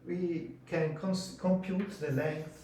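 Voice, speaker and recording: A man giving a mathematics lecture, slow and halting, pausing between phrases. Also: a little high, steady tone, warm tone, a little hiss or hum. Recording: echoey room, voice from far off.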